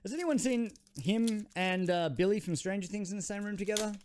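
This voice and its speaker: A man's voice: high-pitched, brisk, a little mellow, a little hiss or hum. A man with an Australian accent hosting a trading card channel, giving rambling, self-deprecating unboxing commentary.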